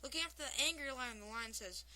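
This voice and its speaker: A woman hosting a talk show, reading funny stories aloud with animated storytelling. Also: high-pitched, fast, low-quality recording. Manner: animated storytelling, shouting out quoted lines.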